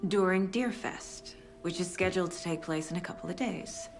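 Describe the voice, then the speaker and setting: A woman voicing a composed investigator in a game, her lowish voice measured and skeptical as she presses for answers. Soft game music sits under her words. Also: lightly acted. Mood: probing. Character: calm, probing female investigator.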